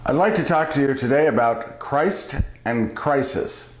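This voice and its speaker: A man's voice: medium pitch, expressive, unhurried, roomy sound. A man giving a daily reflection as a preacher, telling a joke and then a homily, chuckling at his own jokes.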